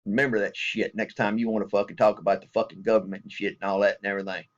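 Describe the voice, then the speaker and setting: A Southern US military veteran rants in a vlog, blunt, angry and heavily profane. His lowish voice has little pitch movement and comes out rapid-fire, with lo-fi sound quality.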